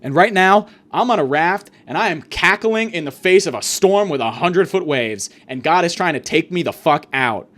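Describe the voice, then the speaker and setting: A man's voice: on the high side, lively intonation, normal speed, few pauses, fairly bright tone. A man hosting a podcast, delivering a rambling, profane, exasperated comedic rant. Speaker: podcast host.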